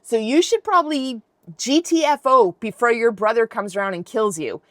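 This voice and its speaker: A woman playing an old blind father in a retold Bible story, speaking in casual modern slang with a deadpan tone. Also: fairly high pitch, normal speed, no echo, clean studio sound. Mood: urgent. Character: old blind male patriarch, doubtful then resigned.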